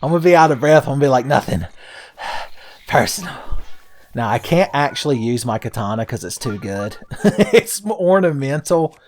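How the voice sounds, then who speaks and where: A man's voice: mid-range voice, expressive, brisk, darkish tone. Man joking through game commentary. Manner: joking, rambling, swears freely, laughs often. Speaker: let's play host. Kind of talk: casual gameplay commentary.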